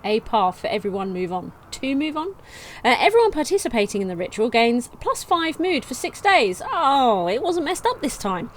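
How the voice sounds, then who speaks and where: A woman's voice: fairly high pitch, normal speed, few pauses, slight background noise. Woman chatting through a colony sim, reads stuff out, voice jumps all over. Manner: chatty, reads game text aloud, excitable outbursts. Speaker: let's play gamer. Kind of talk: casual gameplay commentary.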